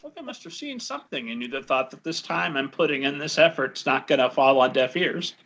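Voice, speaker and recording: A man's voice: medium pitch, animated, brisk, fairly bright tone. A man hosting a podcast, asking earnest, chatty questions. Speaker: podcast host. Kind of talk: podcast interview. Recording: dull lo-fi sound.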